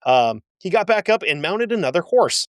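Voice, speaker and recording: A man's voice: sits high, very animated, moderate pace, dry recording, studio quality. A man hosting a history show, telling the story casually with blunt, sarcastic asides. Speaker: history podcast host.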